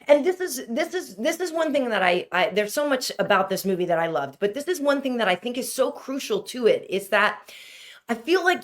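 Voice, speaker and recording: A woman's voice: on the high side, big pitch swings, brisk. A woman interviewer asking questions in an enthusiastic, chatty way. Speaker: interviewer, host. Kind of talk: casual interview.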